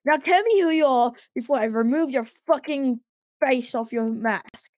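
A woman voicing a furious, foul-mouthed male train engine who shouts and swears at a rival in a fan-made cartoon. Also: high voice, normal speed, no room sound, natural voice. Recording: dull lo-fi dry recording.

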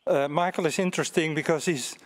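A man's voice: on the high side, steady tone, fairly quick. A man introducing a speaker at a seminar, a little out of breath and hesitant, with many fillers. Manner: hesitant, with restarts. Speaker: seminar moderator.

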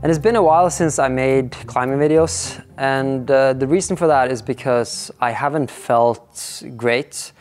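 Out of breath between climbs at an indoor climbing gym, a man films himself, chatting casually into a clip-on mic worn on his body, sighing and puffing as he gives on-the-spot commentary. His mid-range voice is darkish, measured in pace, with hardly any pauses, and faint music plays behind him.

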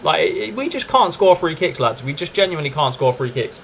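A young man in his home room, commentating live on his football management game with quick bursts of excitement. His voice sits a little high for a man. A faint air-conditioner hum runs underneath. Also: gravelly. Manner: excitable, chatty, keeps addressing "lads" and "mate".

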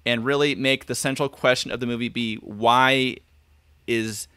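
A man's voice: mid-range voice, fairly even intonation, unhurried, bright, forceful tone, smooth, no room sound. A man speaking as a podcast guest over a video call, thinking aloud and acting out quoted lines. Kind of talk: casual video call chat.

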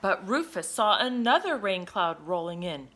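Woman narrator for a kids' picture book, expressive and sing-song. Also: mid-range voice, moderate pace. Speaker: storybook reader. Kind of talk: children's read-aloud narration.

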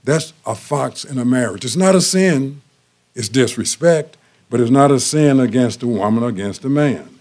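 A man's voice: mid-range voice, lively intonation, moderate pace, darkish tone. An older man preaching a sermon, telling folksy everyday stories and repeating key phrases for emphasis. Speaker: pastor.

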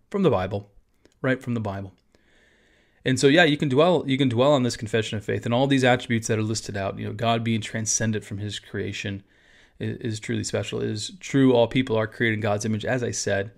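A man's voice: fairly low pitch, fairly even intonation, brisk, vocal fry. Man talking through a statement of faith. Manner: conversational, with fillers and asides. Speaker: pastor. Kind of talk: casual teaching podcast.

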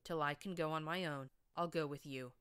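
An injured young male pony read by a woman, withdrawn and pained. He answers quietly and curtly, in a low voice. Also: fairly even intonation, moderate pace, clear, resonant tone, no room sound.

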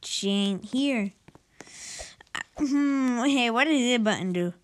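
A woman playfully narrating a game role-play, excitable and breaking into sudden shouted outbursts. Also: on the high side, takes it slowly, slight background noise. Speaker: gameplay narrator.

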